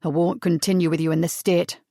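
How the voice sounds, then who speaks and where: A woman voicing a pious, patient widowed man who speaks in a steady, measured way in an audiobook romance. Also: on the low side, creaky, no echo, studio quality, pitched below the performer's own voice. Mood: calm.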